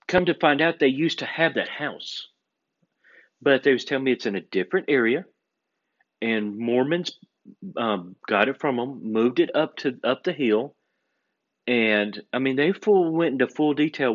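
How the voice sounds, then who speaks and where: A man's voice: medium pitch, normal speed. A man telling stories in casual chat, acting out the voices of people in them. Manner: animated storyteller, acts out quoted voices. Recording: dull lo-fi recording.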